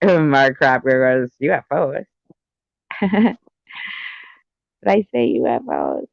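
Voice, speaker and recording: A woman's voice: low-pitched, sing-song, slow, creaky, no echo. A woman chatting casually on her live stream, teasing, laughing often and swearing freely. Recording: dull, dry lo-fi stream audio.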